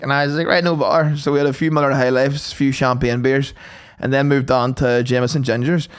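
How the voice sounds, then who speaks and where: A young man, chatting and telling sweary, animated stories as a podcast co-host. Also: medium pitch, brisk, hardly any pauses, clean tone. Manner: animated, sweary, acts out voices. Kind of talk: casual storytelling chat.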